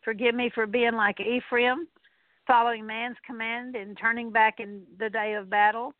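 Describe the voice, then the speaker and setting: A woman with a fairly high voice leads a deliverance prayer in earnest, repeated declarations. The sound is tinny and narrow, like an old radio broadcast, close and dry with no room around it. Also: level tone, normal speed, no room sound. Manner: earnest, repetitive declarations, occasional fillers. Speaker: radio minister.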